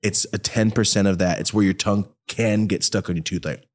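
A man's voice: fairly low pitch, fairly even intonation, fairly quick. A young man chatting casually as a podcast guest, telling loose, rambling stories. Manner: laid-back, rambling storyteller. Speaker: podcast guest, product maker. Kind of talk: casual chat.

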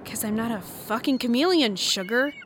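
A woman's voice: fairly high pitch, animated, moderate pace, noisy background, close to an everyday voice. A woman playing a sullen, sarcastic character who grumbles and snaps back.

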